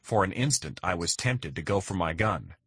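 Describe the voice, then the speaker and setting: A man narrating a first-person crime thriller in a steady, measured reading. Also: low-pitched, breathy edge, no room sound. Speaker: audiobook narrator.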